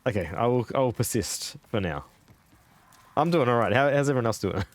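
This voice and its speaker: A man live-streaming a video game, chatting with viewers, excitable, laughing and swearing often. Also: medium pitch, fairly quick, no echo.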